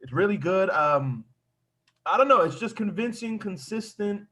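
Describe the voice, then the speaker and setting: A man's voice: sits high, lively intonation, moderate pace, a bit bright. A man giving casual, hesitant feedback to a fellow wrestling student on a video call. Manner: hesitant, searching for words.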